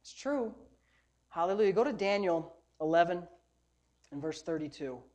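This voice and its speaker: A woman's voice: on the low side, animated, normal speed, a little mellow. A woman pastor delivering a sermon, preaching emphatically and throwing rhetorical questions at the congregation.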